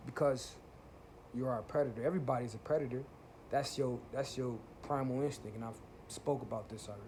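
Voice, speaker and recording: A man's voice: medium pitch, vocal fry, a little mellow, a little hiss or hum. A man talking to camera in a casual spiritual monologue, preachy and profane, often asking if listeners feel what he's saying. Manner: preachy, repeats "you feel what I'm saying", swears freely. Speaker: channel host.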